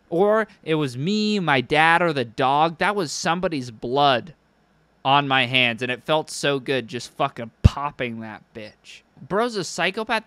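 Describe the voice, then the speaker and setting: A man's voice: a little high, expressive, a little slow, a bit bright, dry recording. A young man streaming, giving casual commentary that is profane, sardonic and rambling.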